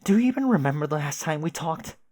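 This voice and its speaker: A man's voice: a little high, expressive, fast, darkish tone, dry recording, clean studio sound, pitched above the performer's own voice. A man voicing a fed-up young woman who is biting and exasperated, swearing at her friend. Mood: angry. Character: fed-up young woman, furious and sharp-tongued.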